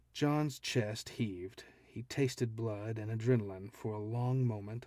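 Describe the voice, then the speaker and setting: A man reading his own fantasy story aloud at a slow, deliberate pace. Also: lowish voice, dark tone, no room sound. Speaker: audiobook narrator and author. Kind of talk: scripted fiction narration.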